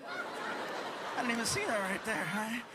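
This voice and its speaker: A man with a strikingly high voice works a live stage mic in a stand-up set, bouncing between his own easy delivery and quick character voices. A lively crowd laughs and cheers behind him, and the room carries a steady hum. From United States. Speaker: stand-up comedian. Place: comedy stage before a live audience. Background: audience laughing and cheering.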